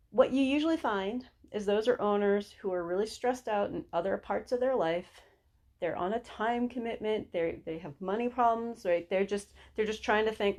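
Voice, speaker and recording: A woman's voice: mid-range voice, moderate pace. A middle-aged woman hosting a podcast for dog groomers, talking casually and animatedly, laughing often and repeating herself. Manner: acts out calm soothing talk to dogs and owners. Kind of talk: casual solo podcast teaching.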